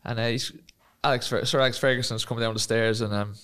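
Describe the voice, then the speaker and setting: Halting Irish man telling stories. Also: medium pitch, steady tone, a bit bright, clear, resonant tone. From Ireland. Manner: halting, repeats words, laughs often. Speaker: guest footballer. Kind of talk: casual storytelling.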